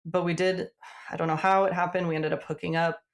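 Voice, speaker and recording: A woman recounting a personal story as a podcast guest, her voice low in pitch with a gravelly fry at the ends of her phrases. She speaks casually and animatedly, with plenty of "like"s, and briefly acts out the dialogue as she goes. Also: level tone, fairly quick. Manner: frequent "like" fillers.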